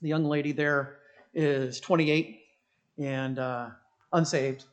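Middle-aged man, pastor, sermon, storytelling, impassioned build-ups, slightly higher voice. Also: steady tone, slow. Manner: storytelling, rising to loud impassioned preaching.

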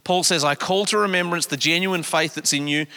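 A middle-aged man preaching a sermon, emphatic, swinging between hushed and raised lines. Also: a little high, brisk. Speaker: pastor. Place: large church auditorium. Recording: long hall reverb.

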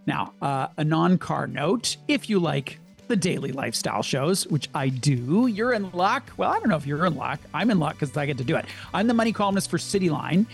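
A man hosting a money show, friendly, with quick asides. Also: fairly high pitch, very animated, creaky, faint music behind. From Canada. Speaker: radio show host.

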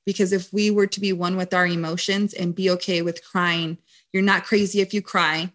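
A young adult woman hosting a podcast, talking emphatically and casually, her voice jumping high when she gets excited. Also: moderate pace. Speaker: podcast host. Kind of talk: casual conversation.

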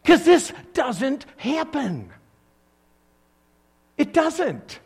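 An older man, a grandfather, preaching a sermon with animated, playful storytelling and asides. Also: very high-pitched, drawn-out words, creaky. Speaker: pastor.

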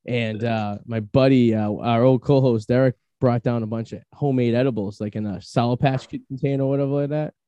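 A man hosting a podcast, telling rambling stories in a casual chat, laughing often and filling pauses with "uh". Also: mid-range voice, fairly even intonation, dark tone, no room sound, lo-fi sound. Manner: rambling, laughing, many fillers. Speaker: podcast host. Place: Massachusetts.

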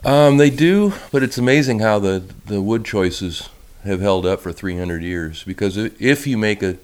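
A man who makes violins gives a relaxed, rambling talk over slides, with many restarts. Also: lowish voice, moderate pace, smooth. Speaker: violin maker giving a talk.

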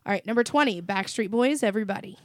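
A woman's voice: medium pitch, fast talker, no room sound, clean studio sound. A woman co-hosting a podcast in casual chat, telling stories with energy and swearing freely. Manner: animated storytelling, swears freely. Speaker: podcast co-host.

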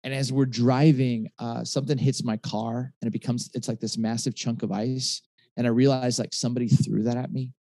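A man's voice: mid-range voice, flat delivery, a little fast, warm tone, no echo. A man in his forties, a pastor and author, telling a personal story in a conversational interview, with many restarts and fillers. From Michigan.

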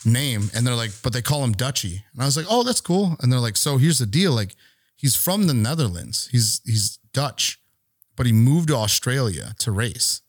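A man's voice: medium pitch, lively intonation, normal speed, no room sound. Rambling storyteller man, dry close mic. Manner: rambling, swears freely, acts out quotes. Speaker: podcast co-host. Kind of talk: casual storytelling.

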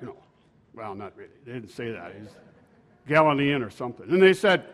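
A man preaching a sermon, retelling scripture in a folksy, conversational way with sharp swings from loud to quiet. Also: medium pitch, very animated, brisk.

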